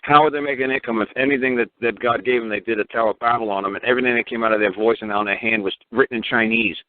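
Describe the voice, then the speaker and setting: A man's voice: medium pitch, fairly even intonation, racing, dry recording. A man hosting a call-in radio show, ranting in a rambling, profane way and repeating himself. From New York, Brooklyn. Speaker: radio talk show host. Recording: tinny phone-line radio audio.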